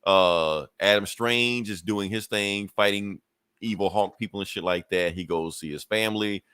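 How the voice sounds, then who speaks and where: A man's voice: lowish voice, moderate pace, bright, forceful tone, clear, resonant tone, no room sound, clean studio sound. Loose, profane man recapping comics. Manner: loose and profane, acts out characters' lines with laughs. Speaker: podcast co-host reviewing comics. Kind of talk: casual comic book recap.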